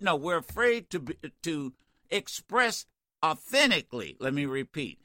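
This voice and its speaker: A man's voice: high-pitched, sharp tone, no echo, clean studio sound. An older man hosting a call-in radio talk show, blunt, fiery and profane with callers. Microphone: studio microphone.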